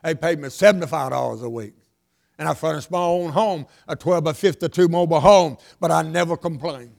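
An older man preaching a sermon, repeating lines for emphasis and swinging between loud and hushed delivery. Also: fairly high pitch, a little fast, gravelly.

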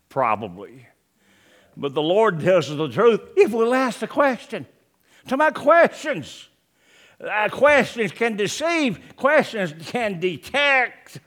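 With a voice that sits high, this male pastor delivers a sermon that alternates loud emphasis with hushed passages, quoting scripture in archaic language.

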